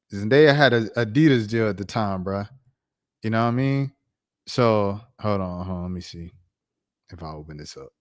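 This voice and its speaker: A man in his thirties hosting his own stream, telling a casual storytime in an animated, slangy way with laughing asides. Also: fairly low pitch. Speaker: streamer host.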